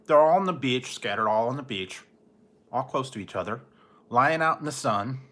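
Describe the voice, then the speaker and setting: Male streamer, loose chatty ramble, quick to laugh. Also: mid-range voice, animated, bright, forceful tone. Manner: rambling, laughs often, mimics people in goofy voices. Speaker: livestream host. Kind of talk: casual late-night livestream chat.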